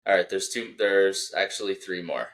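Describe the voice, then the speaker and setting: Young guy on a sports podcast, lowish voice, kinda sharp and bright, laughs a lot while mocking stuff. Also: normal speed. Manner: laughing, mocking, reads tweets aloud. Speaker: podcast co-host, Philadelphia fan. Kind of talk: casual sports podcast chat.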